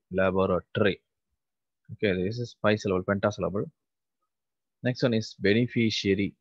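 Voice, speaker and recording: A man's voice: on the low side, fairly even intonation, a little fast, long pauses, no room sound. A male teacher giving a vocabulary lesson, repeating each word several times and spelling out letters. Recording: dull lo-fi recording.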